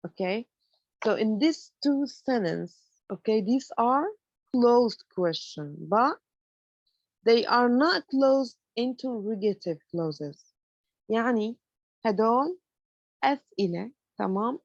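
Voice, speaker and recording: Here an English grammar lecturer with a fairly high, animated voice explains things a little slowly, leaving long pauses. She goes step by step, fills gaps with "you know," and tests comprehension with "okay?" in a dry, lo-fi recording.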